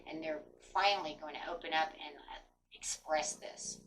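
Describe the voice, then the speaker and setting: A woman's voice: sits low, steady tone, normal speed, fairly bright tone, far from the mic, a little hiss or hum, poor audio. Rambling woman giving a tarot reading. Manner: rambling, many fillers like "kind of". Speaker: tarot reader.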